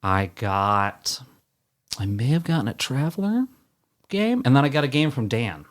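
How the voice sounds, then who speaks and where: A man talking as a guest on a studio podcast, rambling and halting, with restarts and self-deprecating asides. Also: medium pitch, sing-song. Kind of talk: casual podcast chat.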